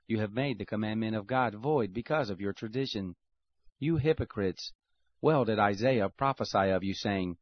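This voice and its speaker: A man reads scripture aloud in a steady, measured voice, sitting a little low in pitch. The recording sounds dull and lo-fi. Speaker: scripture reader. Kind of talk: scripted Bible reading.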